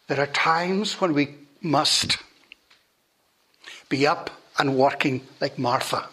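A man preaching a sermon and leading a prayer, slow and deliberate, often dropping to a hush at the ends of phrases. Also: mid-range voice, husky. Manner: slow, deliberate preaching that drops to hushed endings.

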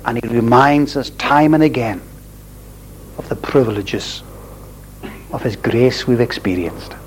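A man preaching a sermon in a deliberate, emphatic way, repeating phrases and stressing key words. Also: medium pitch, a little hiss or hum, rough recording.

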